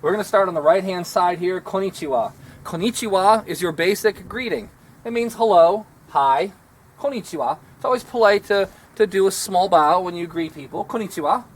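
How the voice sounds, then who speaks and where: A man's voice: high voice, normal speed, a little hiss or hum. A man, a martial arts instructor giving a rambling, self-deprecating outdoor lesson. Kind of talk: casual instructional talk.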